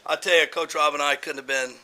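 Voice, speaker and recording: A man's voice: on the high side, fairly even intonation, fast, a crowd in the background, rough recording. A man speaking as an assistant coach at a banquet, praising the players and repeating words in his enthusiasm. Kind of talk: banquet speech.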